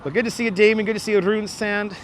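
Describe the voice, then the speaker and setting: A man's voice: sits high, fairly even intonation, quick pace, a little hiss or hum. Effusive man thanking viewers on a street. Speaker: livestream host. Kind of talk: walking livestream chat. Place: outdoors on city streets. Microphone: wireless clip-on mic.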